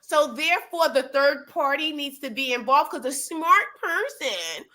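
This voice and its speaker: A woman's voice: high-pitched, animated, unhurried, sharp tone. A woman co-hosting a casual gossip chat, arguing her opinions insistently. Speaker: podcast co-host.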